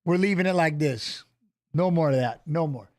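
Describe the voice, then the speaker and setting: A man's voice: fairly high pitch, normal speed, darkish tone. A man co-hosting a fight watch-along stream, chatting loosely and jokingly, reading viewer comments aloud and swearing casually. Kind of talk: casual live-stream chat.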